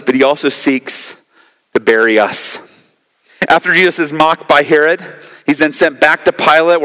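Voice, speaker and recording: A man with a high voice preaches emphatically, hammering home phrases through repetition. His sermon rings with the long reverb of a large hall. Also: fairly bright tone. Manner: emphatic, repeats phrases for effect. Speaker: pastor.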